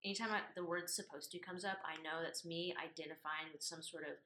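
A woman in casual conversation, thoughtful, leaning on fillers and slowing down to weigh her words. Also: deep voice, steady tone, sharp tone, roomy sound, a little hiss or hum.

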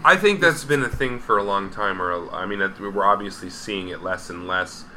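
A man's voice: lowish voice, brisk, sharp tone, a little hiss or hum. A man co-hosting a podcast, chatting casually in an emphatic, jokey way. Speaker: podcast co-host. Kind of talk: casual chat.

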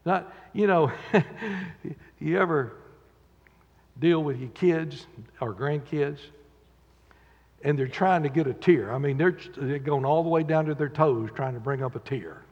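A male preacher delivers a dramatic sermon, his lively voice swinging from booming to hushed. His tone is somewhat husky, and his voice is higher than most men's. The dull, lo-fi recording carries the long reverb of a church sanctuary. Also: unhurried, pauses often. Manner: dramatic, acts out quotes, swings from loud to quiet.

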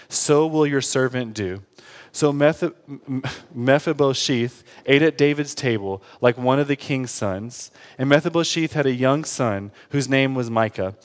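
A young adult man preaching a sermon, reading scripture aloud and then explaining it in casual asides. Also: medium pitch. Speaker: pastor. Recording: hall reverb.

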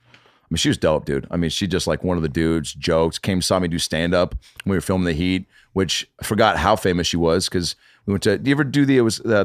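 Recorded in clean studio sound without echo, this man has a low voice and appears as a podcast guest in casual conversation. His stories come alive through plenty of swearing and quotes he performs out loud.

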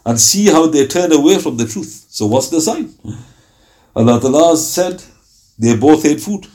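Man teaching Quran verses, slightly high voice. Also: moderate pace. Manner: lively storytelling, breaks into Arabic recitation. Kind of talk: Ramadan tafsir class.

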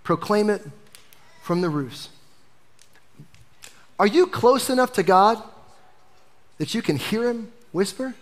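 Animated male pastor preaching a sermon. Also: sits high, takes it slowly, long pauses. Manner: animated preaching, dropping to a hush for emphasis.

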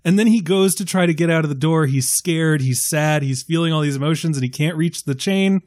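A man with a slightly raised voice, chatting about movies with animated, profane emphasis. The sound is dry and close, with no room around it. He talks loosely, building his points with repeated words. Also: fairly high pitch, brisk, dry recording. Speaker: podcast panelist. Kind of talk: casual film discussion.

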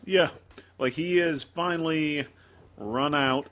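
A man's voice: fairly high pitch, takes it slowly, fairly bright tone. A man hosting a music podcast in casual chat, mostly giving short, easygoing agreeing replies. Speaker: podcast host.

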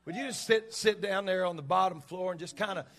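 A preacher voicing a sweet-talking false prophetess who soothes and coaxes in a hushed, stammering murmur. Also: male voice, sits high, brisk, voice pushed down. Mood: coaxing. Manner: hushed, soft, wheedling with stammered repeats. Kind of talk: preaching with acted illustration.

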